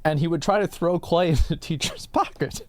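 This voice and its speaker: A man's voice: fairly high pitch, fairly quick. A man from Texas hosting a live stream, telling a long story in a rambling, profane way full of filler words.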